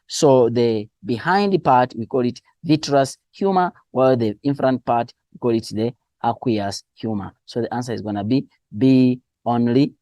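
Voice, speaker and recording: A man going through exam answers as a teacher, spelling out key terms slowly and asking and answering his own questions. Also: medium pitch, darkish tone, no room sound, lo-fi sound. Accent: Southern African English. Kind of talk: exam revision lesson.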